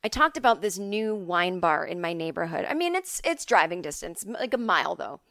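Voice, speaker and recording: A woman's voice: fairly low pitch, very animated, brisk, a bit bright, no room sound, clean studio sound. A woman hosting a podcast, telling rambling, self-deprecating stories in a casual comedic monologue. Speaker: podcast host.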